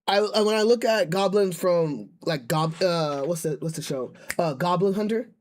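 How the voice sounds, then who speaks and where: A man with a high voice rants through a casual live stream. He rambles, restarts his sentences and keeps circling back to the same point. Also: moderate pace, a little hiss or hum. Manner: ranting, rambling with many restarts. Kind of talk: casual chat.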